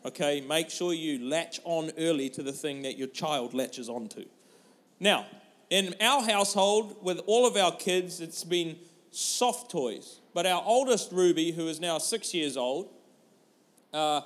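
A man in his thirties, a pastor preaching a sermon through an animated, humorous personal story. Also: a little high.

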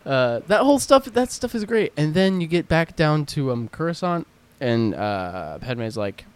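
A young man co-hosting a casual movie podcast, relaxed and agreeable, laughing along. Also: fairly high pitch, a little slow, clear, resonant tone. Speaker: podcast co-host. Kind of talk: casual chat about movies.

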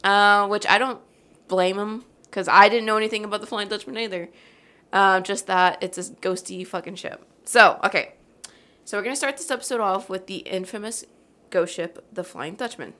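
With a sharp tone in a mid-range voice at normal speed, a podcast host tells a legend in a casual, joking chat, peppering it with swearing and laughter.

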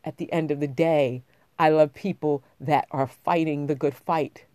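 A woman's voice: deep voice, fairly even intonation, moderate pace, dark tone, dry recording. A woman vlogging, telling a personal story in a heartfelt, rambling way with many restarts, getting emotional as she talks.

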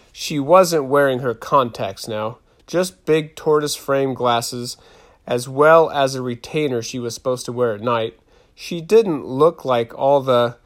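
A man narrating a children's story in a steady reading voice. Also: mid-range voice. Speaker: audiobook narrator.

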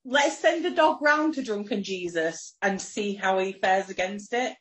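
A woman's voice: mid-range voice, unhurried, slight background noise. A woman co-hosting a podcast in casual chat, laughing often and swearing playfully. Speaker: podcast co-host.

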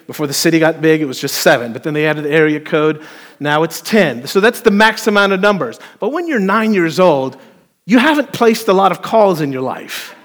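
A man preaching a sermon as pastor, telling a story with playful, animated asides to the congregation. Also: sits high. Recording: long hall reverb.

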